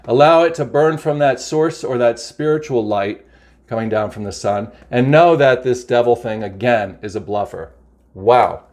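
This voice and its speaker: A mid-range, somewhat mellow male voice at normal speed delivers an upbeat oracle card reading to the camera, picked up by its built-in mic. The tone is casual and excitable, full of exclamations and repeated phrases.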